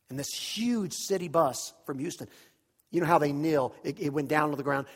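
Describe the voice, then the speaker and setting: Animated preacher man in a reverberant hall. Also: on the high side, fairly quick. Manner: animated, dramatic, swings from hushed to shouting. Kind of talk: storytelling sermon. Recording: long reverb of a large hall.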